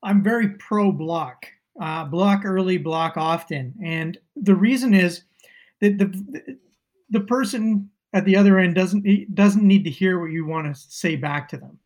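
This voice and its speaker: A man's voice: sits high, a little slow, a little mellow. A Canadian man giving blunt, emphatic political commentary in a casual podcast debate.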